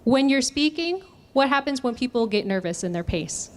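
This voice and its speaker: Lively woman leading a workshop. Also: high-pitched, normal speed. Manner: lively, asks the audience questions, demonstrates voice techniques. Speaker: communication trainer. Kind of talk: interactive workshop teaching.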